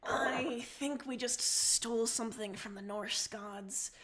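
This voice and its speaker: Woman, stream co-host, higher voice, slow deliberate reads of character lines. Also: steady tone, fairly bright tone. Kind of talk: casual read-aloud of story dialogue.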